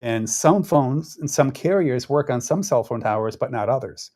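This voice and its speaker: A man talks through local politics in a loose, conversational way. He rambles, trips over his words and circles back to finish his thoughts. His voice sits at an ordinary middle pitch. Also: animated, normal speed, a little mellow. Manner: rambling, conversational, frequent restarts and fillers. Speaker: political commentary host. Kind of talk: casual political commentary.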